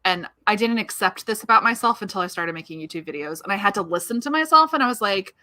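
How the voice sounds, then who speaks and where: A bright, forward voice from an American woman whose Maryland accent slips through, hosting a relaxed livestream chat. She talks in quick, self-mocking asides. The sound is dry and close, with no room around it. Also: medium pitch, no room sound. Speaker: livestream host.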